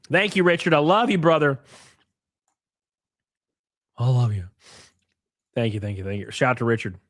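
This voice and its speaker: A man's voice: mid-range voice, no room sound, studio quality. A man live-streaming, reading posts aloud and ranting at them in a mocking, profane way while drinking. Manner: mocking, profane, animated rants.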